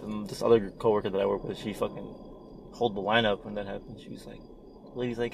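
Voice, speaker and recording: A man's voice: on the low side, little pitch movement, quick pace, creaky, a little mellow, a little hiss or hum. A young man in casual chat, telling a story with lots of swearing, acting out quotes and laughing often.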